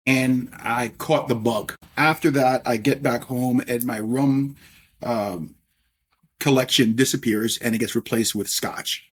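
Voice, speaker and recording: A man's voice: mid-range voice, steady tone, unhurried. A middle-aged man, a podcast guest, telling stories in a chatty, anecdotal way and often adding "if you will". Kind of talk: casual storytelling interview.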